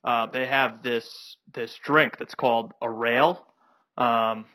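A man's voice: mid-range voice, steady tone, takes it slowly, sharp tone, dry recording. A young man co-hosting a podcast, telling a rambling anecdote full of fillers in casual chat. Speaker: podcast co-host.

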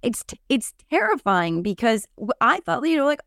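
An expressive woman hosts a casual political podcast, her pitch leaping up and down as she talks. She restarts sentences and piles on fillers. The sound is close and dry. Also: brisk, no room sound. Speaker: podcast host.

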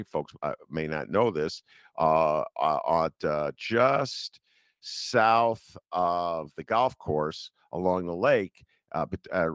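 Animated, joking male podcast host. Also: sits low, dry recording, clean studio sound. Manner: animated, joking, self-deprecating storytelling. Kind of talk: casual interview chat.

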